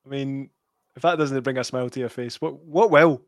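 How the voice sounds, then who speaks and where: A man's voice: mid-range voice, brisk, no echo, clean studio sound. A Scottish man co-hosting a football podcast, chatting casually and quizzing his friend with stats. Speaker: podcast co-host.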